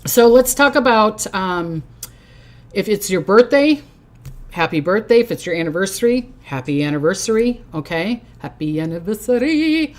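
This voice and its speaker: A woman's voice: mid-range voice, lively intonation, moderate pace. An older woman hosting a casual psychic livestream from her recliner at home, chatty and hyper, often giggling. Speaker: psychic host.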